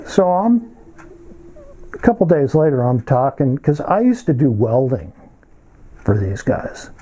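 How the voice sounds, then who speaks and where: An older man telling a story in a casual monologue, halting and rambling with many filler pauses. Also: medium pitch, mellow, breathy edge, rough recording.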